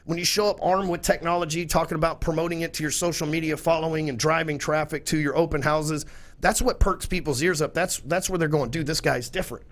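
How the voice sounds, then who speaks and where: A man's voice: a little high, steady tone, quick pace, fairly bright tone. A man, a podcast guest talking in a blunt, profane, salesy way. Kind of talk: casual chat.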